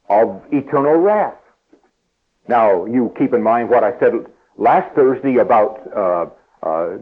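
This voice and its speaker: Husky preacher on a tinny old broadcast. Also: male voice, medium pitch. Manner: earnest, stresses key phrases by slowing and rising; drops to a soft, slow voice leading prayer. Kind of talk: evening sermon with congregation prayer. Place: church service before a seated congregation.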